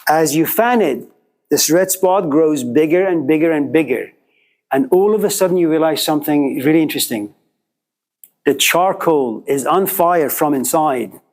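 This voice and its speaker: A middle-aged man lecturing a class, animated and questioning, telling stories to make his points. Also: on the high side, normal speed, poor audio. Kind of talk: classroom lecture with student exchanges.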